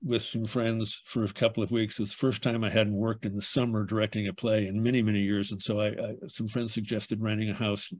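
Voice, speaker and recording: A man's voice: lowish voice, level tone, brisk, few pauses, darkish tone, no room sound. An older man hosting a book club over a video call, talking in a rambling, storytelling way full of restarts. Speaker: book club host and bookseller. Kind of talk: casual book club chat.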